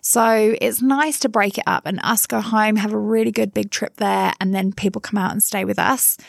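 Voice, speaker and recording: Gravelly southern English woman. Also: medium pitch, steady tone, normal speed, no echo, studio quality. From England. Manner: chatty, frank, laughs easily. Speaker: interviewee, mother living abroad. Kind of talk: casual interview chat.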